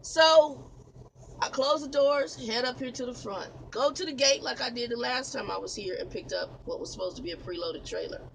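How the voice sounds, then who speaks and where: High-voiced truck driver, exasperated rambling. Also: male voice, moderate pace, gravelly, fairly bright tone, a little hiss or hum, rough recording. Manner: exasperated, rambling storytelling with laughs. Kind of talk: casual vlog storytelling. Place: inside a truck cab. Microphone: camera facing the speaker.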